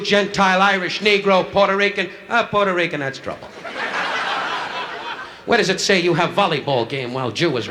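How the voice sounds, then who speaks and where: This stand-up comedian's voice sits on the high side, bright and forceful, as he rips into people in the nightclub audience. His crowd work is insulting, rapid-fire banter, captured on a noisy 1960s live album recording.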